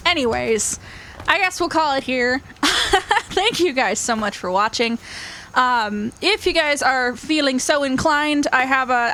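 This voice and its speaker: A woman's voice: fairly high pitch, pushed and bright. A young woman gaming YouTuber chatting to her viewers, emotional and rambling, laughing often and filling with "like". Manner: rambling with many fillers. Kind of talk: casual chat to viewers.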